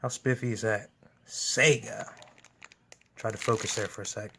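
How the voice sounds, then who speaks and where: A man's voice: on the low side, steady tone, moderate pace, bright, forceful tone, a little hiss or hum. A man hosting a gaming channel, giving casual, enthusiastic unboxing commentary at home. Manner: enthusiastic, gushing.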